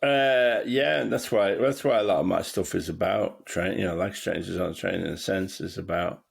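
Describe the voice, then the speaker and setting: A man's voice: low voice, normal speed, vocal fry, breathy edge. A man hosting a podcast, chatting casually and telling wry, rambling anecdotes. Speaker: podcast host. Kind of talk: casual chat.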